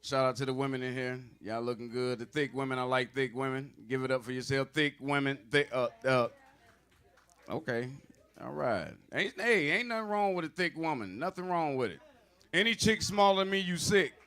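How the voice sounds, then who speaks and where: A man doing a profane, conversational stand-up comedy set on a club stage, slipping into gruff voices for arguing old men. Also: medium pitch, moderate pace, fairly bright tone. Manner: profane, loose, conversational delivery with asides to the audience.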